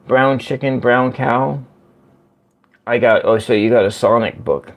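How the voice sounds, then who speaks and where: A man hosting a casual livestream from home, chatting slowly and rambling as he answers viewer comments. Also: lowish voice. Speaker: livestream host. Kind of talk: casual live-stream chat with viewers. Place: at home by a window.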